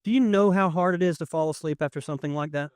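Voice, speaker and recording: A young man preaching a sermon as pastor, conversational and emotional, swinging from loud to hushed. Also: on the high side, quick pace, smooth, dry recording, clean studio sound. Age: young adult. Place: church sanctuary with audience.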